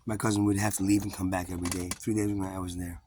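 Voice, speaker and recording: A man's voice: deep voice, flat delivery, racing, dark tone, slight background noise. A man telling a casual personal anecdote in a rambling way, full of restarts, swearing and laughs between words. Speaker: storyteller.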